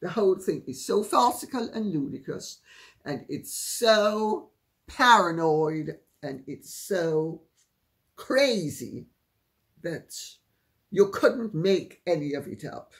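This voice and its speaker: A woman's voice: on the low side, expressive, slow. A woman giving casual royal commentary in a sardonic, mocking manner.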